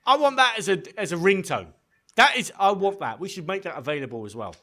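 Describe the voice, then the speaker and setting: A male podcast co-host chatting casually and teasing his partner. His voice is bright and rather high, with lively, animated swings in pitch. The delivery is playful and quick to joke. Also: creaky.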